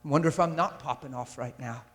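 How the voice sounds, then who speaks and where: In a large church hall, a man preaches into a handheld or stand mic, intense and emphatic, often asking the crowd whether they follow him. His voice is mid-range and fairly bright, delivered fairly quickly, with long reverb from the hall.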